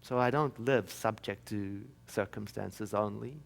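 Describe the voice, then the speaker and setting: A man's voice: lowish voice, a little slow, creaky. A man giving a sermon as minister, telling personal stories with wry, self-mocking humor. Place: church.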